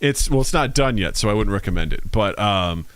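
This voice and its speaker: A man co-hosting a casual podcast chat, swearing and acting out quoted voices with big pitch jumps. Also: expressive, fairly quick, fairly bright tone, clear, resonant tone, dry recording. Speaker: podcast co-host. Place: studio, live stream.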